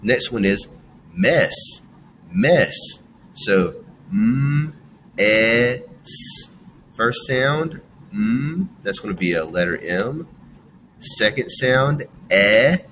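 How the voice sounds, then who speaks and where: Male phonics teacher, lowish voice, slow and lively delivery, faint room noise behind. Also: low-quality recording. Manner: slow, sounding out letters and praising. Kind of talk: phonics lesson for children.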